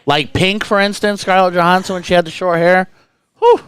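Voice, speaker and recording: A man's voice: sits high, brisk, clean tone. A man doing casual, joking commentary on a darts livestream. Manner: joking, teasing, animated. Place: indoor event stream room.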